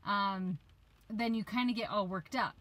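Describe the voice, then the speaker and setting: Sitting in a parked van as it rains, a woman in her thirties who works as a life coach offers relaxed advice, occasionally drifting off her point. She talks a little slowly in a mid-range, slightly bright voice over poor audio.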